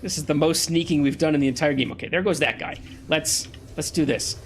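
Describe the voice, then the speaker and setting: A man's voice: on the high side, fairly quick, a little hiss or hum. A man giving casual, playful commentary while playing a video game, a little under the weather. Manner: playful, chatty, excitable. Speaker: let's play host.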